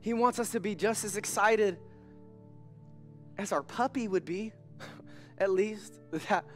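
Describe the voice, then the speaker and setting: Male pastor, high voice, chatty and animated, joking sermon; faint music behind. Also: slow. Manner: animated, conversational, joking preacher. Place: church service.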